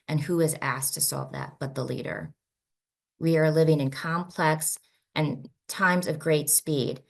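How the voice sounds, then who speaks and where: A middle-aged woman speaks from the front of a conference room as a leadership coach. Her voice sits low, with a gravelly edge on the ends of her phrases. She tells her story with emphasis and puts rhetorical questions to the audience.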